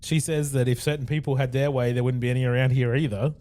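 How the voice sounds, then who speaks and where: Another podcast co-host, this man talks fast in a warm, level, medium-pitched voice. He goes over an episode in detail during relaxed conversation and performs the lines he quotes.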